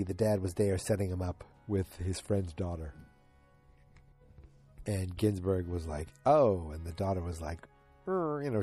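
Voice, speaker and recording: A low-pitched, warm, husky voice belongs to a sleepy podcast host at home in front of the TV. Yawning, he casually rambles through a recap of a TV episode, chatty and full of asides.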